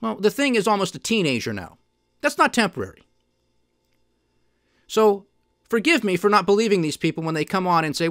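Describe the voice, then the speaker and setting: Male podcast host, fairly high-pitched, emphatic and indignant. Dry, close sound. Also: big pitch swings, fairly quick, pauses often, fairly bright tone, no room sound. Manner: emphatic, indignant, mocking quoted officials. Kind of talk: solo commentary.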